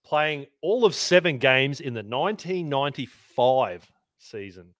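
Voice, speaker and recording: A man's voice: mid-range voice, animated, unhurried, fairly bright tone, no echo, studio quality. A man co-hosting a casual sports podcast, laughing often, swearing and reading out player stats. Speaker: podcast co-host.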